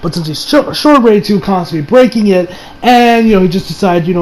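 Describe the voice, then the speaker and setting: A man's voice: high voice, lively intonation, quick pace, darkish tone, a little hiss or hum, rough recording. A young man reviewing an anime episode in casual chat, rambling with restarts and swearing freely.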